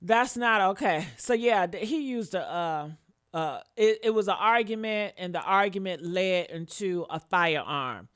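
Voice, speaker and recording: A woman's voice: medium pitch, unhurried, a bit bright. A woman in her fifties giving casual live commentary on a crime case, blunt and profane, talking straight to her viewers. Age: 50s. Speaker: commentary vlogger.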